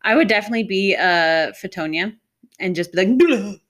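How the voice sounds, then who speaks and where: A woman co-hosting a podcast in casual chat, playful and agreeable and quick with jokes. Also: lowish voice, a bit bright. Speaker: podcast co-host.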